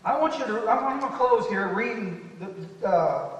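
A man in his fifties, a pastor preaching a sermon, swinging between loud declarations and quiet conversational asides. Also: high voice, expressive, normal speed. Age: 50s. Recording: echoey hall from far off.

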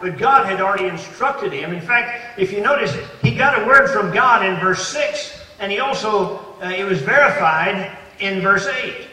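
A man's voice: high voice, animated, a little slow, sharp tone. A man in his eighties preaching a sermon as a pastor, stressing points with rising emphasis and frequent restarts. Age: 80s. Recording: echoey hall, voice from far off.

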